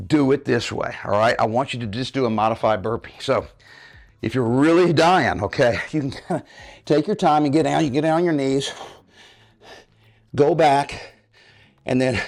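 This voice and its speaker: A man in his fifties leading a home workout, getting out of breath while he demonstrates the moves and checks in with his viewers. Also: mid-range voice. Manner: coaching, checks in with "okay, guys?". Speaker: fitness coach. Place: home living room.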